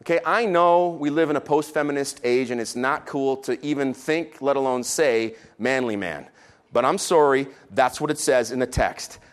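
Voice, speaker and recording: A man preaching a sermon, animated and playful, swinging between loud exclamations and quiet asides. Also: medium pitch, normal speed, hardly any pauses. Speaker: pastor.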